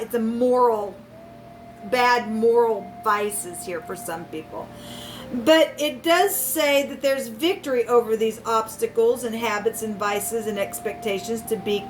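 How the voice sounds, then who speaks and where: A woman's voice: high-pitched, a little hiss or hum, poor audio. A woman giving a tarot reading, urging her viewers with emphatic, repeated exhortations and religious warnings. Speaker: tarot reader.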